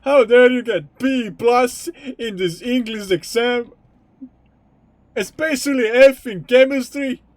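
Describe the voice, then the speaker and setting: A man putting on the voice of a strict, furious middle-aged father who yells at his child in outrage. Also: very high-pitched, slow pace, dry recording, pitched above the performer's own voice. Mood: furious scolding. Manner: yelling, outraged scolding.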